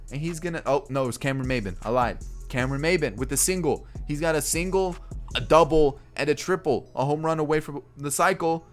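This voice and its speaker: A young man calls the action of a baseball video game, his voice sitting at an ordinary middle pitch. He chats casually and bursts into loud exclamations when a big play lands. Faint music runs quietly beneath his voice. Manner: excitable, exclaims over big plays. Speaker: gaming YouTuber.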